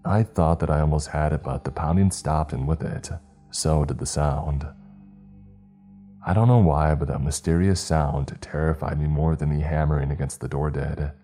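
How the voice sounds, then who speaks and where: A man narrating a scary story in a measured, hushed way. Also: extremely low pitch, steady tone. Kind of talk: scripted horror narration. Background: faint music.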